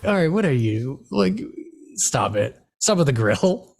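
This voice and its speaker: Middle-aged male podcast host, animated storyteller, pitch leaping up and down. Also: unhurried, creaky. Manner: animated storyteller, laughs often, many fillers. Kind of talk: casual chat.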